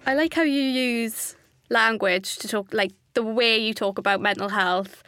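A woman's voice: on the high side, unhurried, over music. A young woman hosting a podcast, chatting with enthusiasm and leaning on the filler "like". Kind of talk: casual podcast chat.

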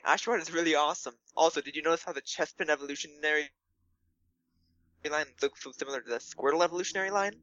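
A man's voice: a little high, sharp tone, dry recording. A man co-hosting a podcast, reading a listener email aloud with dry jokes. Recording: dull lo-fi mic.

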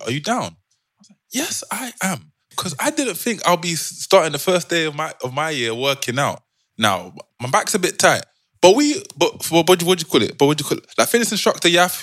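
A man's voice: medium pitch, a bit bright, no echo. A man co-hosting a casual podcast chat, telling a story and tripping over his words. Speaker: podcast co-host.

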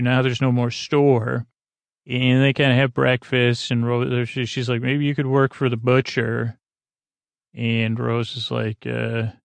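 A man recapping a TV episode in a halting, rambling way, full of fillers and restarts, speaking softly. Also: medium pitch, vocal fry, dry recording. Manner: halting, many fillers and restarts, paraphrasing dialogue. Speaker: podcast host.

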